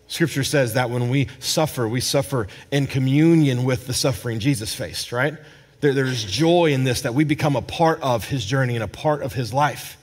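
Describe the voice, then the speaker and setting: A male pastor preaching a sermon at a church service. He swings dramatically between loud emphasis and hushed, low asides, sometimes repeating words as he searches for a phrase. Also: normal speed, husky. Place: church service with a responding congregation.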